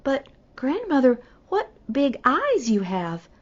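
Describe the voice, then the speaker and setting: An innocent, cheerful young girl, as a woman reader puts her on, earnest and slow-spoken. Her voice is lifted well above the reader's own. The sound is dull and lo-fi. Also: sits high, wildly swooping pitch, pitched above the performer's own voice, heavily acted. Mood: wondering.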